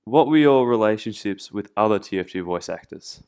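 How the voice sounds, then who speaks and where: Young-sounding Australian man as casual interviewer, slightly low voice. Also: lively intonation, fairly quick, darkish tone, clean tone. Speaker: interviewer, host.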